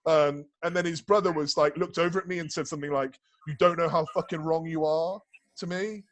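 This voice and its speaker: A man's voice: on the high side, brisk, slight background noise. A man, a bodybuilding coach as a podcast guest, talking casually in rambling, profane stories full of restarts and fillers. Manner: animated storyteller.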